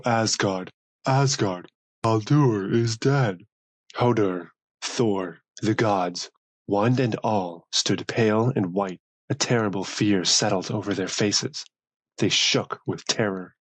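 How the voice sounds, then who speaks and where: A man narrating a myth audiobook in a measured, solemn storytelling manner. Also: on the low side, slightly rough, no echo, poor audio. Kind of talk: scripted narration.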